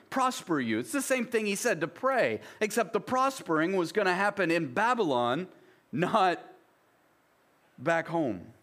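A man's voice: high-pitched, sing-song, unhurried, fairly bright tone. Man preaching a conversational sermon. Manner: conversational preaching, reads scripture aloud then explains it. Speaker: pastor.

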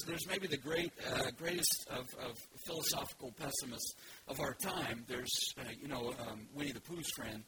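A male pastor preaching a sermon in a conversational way, with frequent restarts and asides. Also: mid-range voice. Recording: loud background noise.

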